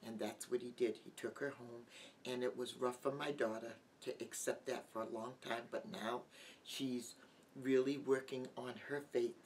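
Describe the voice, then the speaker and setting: A middle-aged woman giving a heartfelt personal testimony as an interview guest, halting and full of restarts. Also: very deep voice, fairly even intonation, darkish tone. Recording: distant mic with light background noise.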